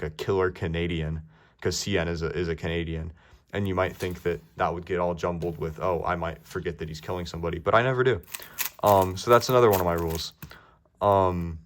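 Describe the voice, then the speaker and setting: A man's voice: deep voice, fairly bright tone. A young man giving casual, ranty speedcubing tips, rambling with many fillers. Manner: rambling, lots of ums and likes.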